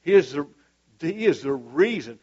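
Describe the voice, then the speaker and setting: A man's voice: a little high, lively intonation, normal speed, a little mellow, muffled recording. A man preaching a sermon to a church congregation, fervent and emphatic, repeating his points for weight.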